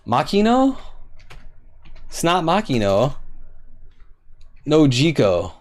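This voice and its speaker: A man's voice: fairly high pitch, huge pitch swings, slow pace, darkish tone. A young man live-streaming, guessing quiz answers aloud, swearing in frustration and talking to his chat while typing.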